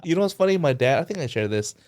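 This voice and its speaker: A man trading jokes and stories on a casual podcast. He sounds playful and quick with a punchline. His pitch swings widely as he talks. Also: animated, darkish tone. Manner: joking storyteller, playful. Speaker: podcast co-host. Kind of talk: casual chat.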